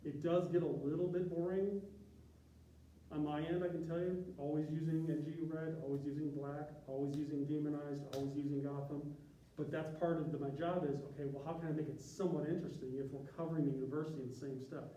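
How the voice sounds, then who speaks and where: A man's voice: a little high, little pitch movement, fast, mellow, slight background noise. Rambling man presenting in an echoey room. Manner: conversational, rambling with tangents and restarts. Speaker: university graphic designer giving a presentation. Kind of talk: informal presentation to a group. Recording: echoey room from a distance, faint ambience.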